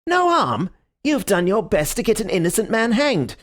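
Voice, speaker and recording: A man's voice: mid-range voice, sing-song, a little fast, gravelly, a little mellow. A man voicing an indignant, blustering male police inspector in an audiobook reading. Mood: angry.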